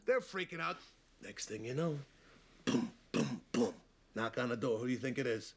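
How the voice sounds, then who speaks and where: An actor playing a brash, animated mobster from New Jersey with a New Jersey accent, telling children a story. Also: male voice, mid-range voice, normal speed, slightly rough. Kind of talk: film comedy acting.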